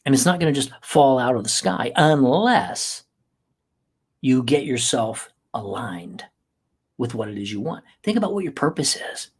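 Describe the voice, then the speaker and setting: A man's voice: mid-range voice, animated, fairly quick, hardly any pauses, slightly rough. A man hosting a podcast, delivering an emphatic motivational monologue that repeats key phrases to exhort the listener. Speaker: podcast host.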